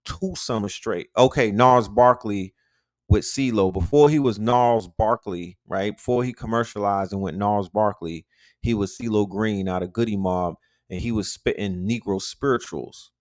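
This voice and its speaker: A man's voice: lowish voice, moderate pace, no echo, studio quality. A middle-aged man from Harlem, talking casually about hip hop history in a slangy, emphatic way and repeating points for emphasis. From Harlem, New York. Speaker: podcast host.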